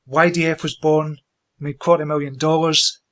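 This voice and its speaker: A man's voice: a little high, little pitch movement, moderate pace, fairly bright tone. A man hosting an interview in a casual, eager, talkative way. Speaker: interview host.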